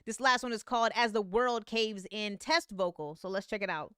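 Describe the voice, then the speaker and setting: A woman hosting a live music review stream, talking casually with excitement, swearing and laughing often. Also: mid-range voice, normal speed, clear, resonant tone, no echo, studio quality.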